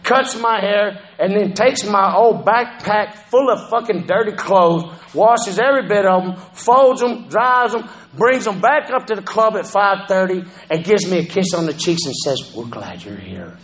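Here a man's high-sitting, slightly bright voice moves at normal speed with hardly any pauses, captured in lo-fi sound. He shares his recovery story as a testimony, swearing casually and constantly asking listeners "you know what I'm saying."

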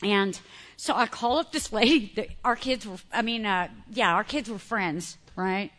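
A woman giving a candid, animated personal testimony to an audience, laughing often as she talks. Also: medium pitch, unhurried. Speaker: speaker sharing recovery story.

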